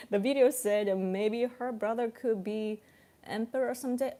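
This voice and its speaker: A woman's voice: medium pitch, moderate pace, dark tone. A Japanese woman with a Japanese accent, hosting a casual livestream chat, full of fillers and restarts and laughing often. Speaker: livestream host.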